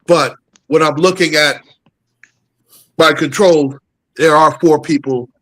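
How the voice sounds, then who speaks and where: A man's voice: a little high, fairly even intonation, slow, a bit bright, poor audio. A man hosting a casual sports panel chat. He talks bluntly and laughs often. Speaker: host.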